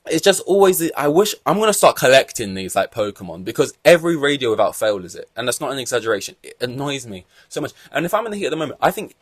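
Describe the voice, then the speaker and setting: A young man hosting a casual solo podcast, talking in an animated, exasperated way and swearing freely. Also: medium pitch, fast, few pauses, slightly rough, dry recording. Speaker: podcast host.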